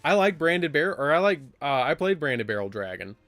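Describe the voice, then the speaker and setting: A man's voice: fairly high pitch, big pitch swings, brisk, fairly bright tone, no room sound. Guy streaming a card game live, rambly and chatty, dry close sound, faint music behind. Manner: rambling, chatty, bursts of surprised exclamation. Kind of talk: casual live-stream chat.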